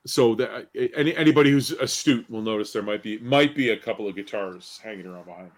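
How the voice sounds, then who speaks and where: A man with a fairly low voice talks casually as a podcast co-host. He rambles and often repeats his words before getting them out. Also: fast talker. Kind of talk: casual chat.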